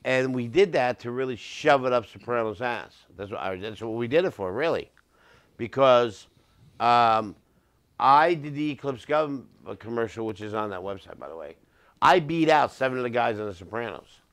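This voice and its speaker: A middle-aged man, a comedian guest in a studio, telling animated anecdotes with quick asides. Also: medium pitch. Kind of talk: casual interview storytelling.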